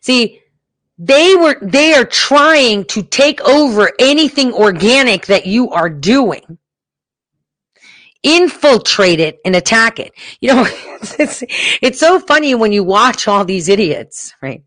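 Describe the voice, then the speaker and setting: A woman's voice: a little high, expressive, slow pace, fairly bright tone, dry recording. A woman talking straight to her viewers, heated and emphatic, swearing freely as she rants. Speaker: political commentator. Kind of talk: casual profane rant to viewers.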